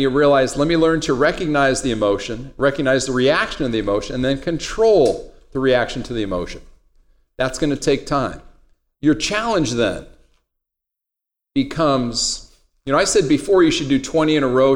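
A middle-aged man teaching a trading class in a conversational, digressive way, wandering into personal stories. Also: fairly high pitch. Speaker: trading instructor. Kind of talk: classroom lecture.

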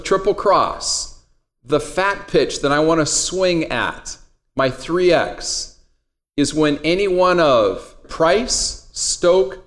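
A man teaching a trading class in a classroom, casual and joking as he talks straight to his students. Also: a little high. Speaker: trading instructor. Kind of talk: classroom lecture.

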